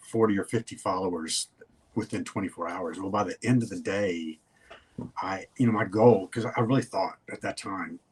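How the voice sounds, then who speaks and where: Low husky older man, folksy storyteller. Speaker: guest. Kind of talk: casual storytelling interview.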